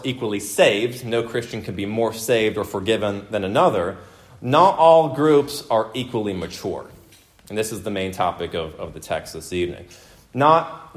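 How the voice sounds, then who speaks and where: Emphatic male preacher teaching scripture. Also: medium pitch. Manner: emphatic, repeats points for emphasis, asks the room questions. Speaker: pastor. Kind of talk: expository sermon.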